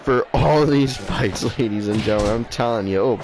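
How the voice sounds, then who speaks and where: A man working as ring announcer and commentator, stretching out fighter introductions, then calling the action in a chatty, fast-talking way. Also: mid-range voice, background noise.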